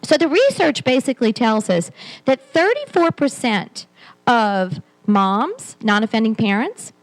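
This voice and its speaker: Woman speaker, forties, slightly high voice, candid conference keynote with frequent restarts. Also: big pitch swings, a little slow, rough recording. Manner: candid, self-deprecating, many restarts. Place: conference hall.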